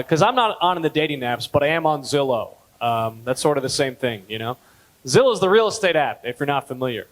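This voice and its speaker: A man in his thirties doing a stand-up comedy set at a gala, telling stories deadpan and jumping up in pitch on punchlines. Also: poor audio. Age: 30s. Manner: deadpan storytelling, with lively jumps in pitch on punchlines. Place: gala event hall.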